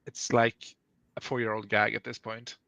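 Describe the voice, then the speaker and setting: Bright, playful man on a stream. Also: fairly low pitch, flat delivery, moderate pace, creaky, no room sound. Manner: playful, joking, laughs often. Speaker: podcast co-host reading chat. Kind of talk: casual live-stream chat.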